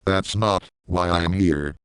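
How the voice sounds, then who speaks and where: Evil little girl supervillain, taunting, read by a man, low voice, dry sound. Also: slow, fairly bright tone, clear, resonant tone, no echo. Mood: menacing.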